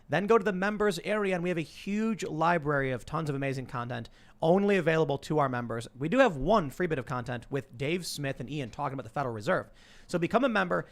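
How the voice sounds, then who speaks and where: A man in his thirties hosting a casual panel show, talking quickly and laughing often. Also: a little high, fairly bright tone. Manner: chatty, fast, laughs often. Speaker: podcast host. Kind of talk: casual panel talk with sponsor reads.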